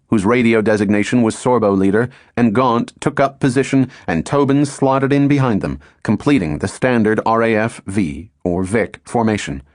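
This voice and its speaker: A man narrates an audiobook in a steady storytelling manner. His voice sits at a middle pitch for a man. The recording is close and dry, with no room sound. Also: dry recording. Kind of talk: scripted narration.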